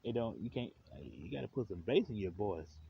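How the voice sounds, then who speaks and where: A man's voice: on the low side, very animated, normal speed, creaky. A man hosting a live stream, rambling in slang with lots of fillers. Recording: dull lo-fi with faint hiss.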